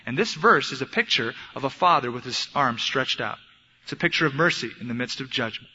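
A man's voice: medium pitch, brisk, pushed and bright, husky. A young adult man preaching a sermon in an earnest, emphatic, storytelling way, in an echoey hall on a dull lo-fi recording. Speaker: pastor.

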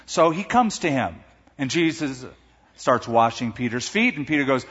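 A pastor preaching a sermon, animated, acting out the voices he quotes. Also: mid-range voice, moderate pace, husky, big-room sound, dull audio.

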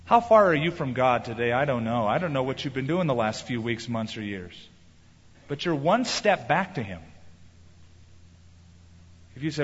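A man's voice: medium pitch, sing-song, normal speed, pauses often, breathy edge. Emphatic preaching man, echoing church. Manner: emphatic preaching, acting out voices in quotes. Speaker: pastor. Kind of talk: sermon. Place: large church sanctuary. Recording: reverberant hall, slightly muffled.

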